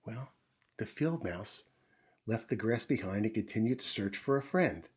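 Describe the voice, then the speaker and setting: A man reading a children's picture book aloud in a gentle storytime manner, pausing to explain things to young listeners. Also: lowish voice, animated, breathy edge.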